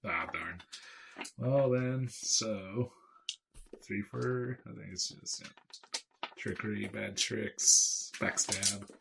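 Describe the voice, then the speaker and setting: A man playing a tabletop game, unhurried and matter-of-fact as he counts his rolls. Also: fairly low pitch. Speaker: player. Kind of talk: casual tabletop play. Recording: binaural mic, clear background noise.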